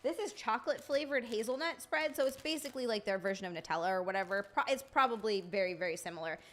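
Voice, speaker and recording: A woman's voice: fairly high pitch, quick pace. Chatty, foul-mouthed young woman streamer. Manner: chatty, swears freely, reads out viewer names. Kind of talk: casual live-stream chat.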